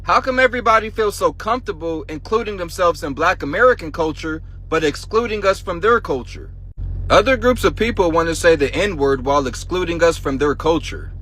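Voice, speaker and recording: A man's voice: fairly high pitch, expressive, brisk, fairly bright tone, rough recording. A man ranting bluntly and profanely in a direct-to-camera social media clip.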